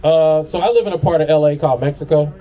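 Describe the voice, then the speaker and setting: A man's voice: fairly high pitch, quick pace. A man doing a brash stand-up comedy set on an outdoor patio, swearing and laughing through his own lines. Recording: distant mic with loud audience.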